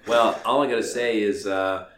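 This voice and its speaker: A man co-hosting a podcast chats casually, trailing off and filling gaps with hesitations. His voice sits a little low. The room around him rings with a noticeable echo. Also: fairly even intonation, normal speed, a bit bright, a little hiss or hum. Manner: rambling, many fillers, swears casually. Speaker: podcast co-host. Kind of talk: casual chat.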